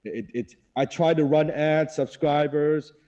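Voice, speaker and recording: A man's voice: a little high, measured pace, mellow, dull audio. A man speaking as a guest in an interview, blunt and emphatic, driving his points home by repeating them. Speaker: guest entrepreneur. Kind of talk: conversational interview.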